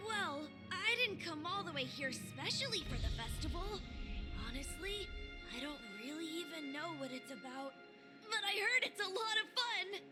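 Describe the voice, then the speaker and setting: A woman's voice: very high-pitched, animated, moderate pace, over loud music. A woman voicing an eager, bubbly young festival tourist in a game dub.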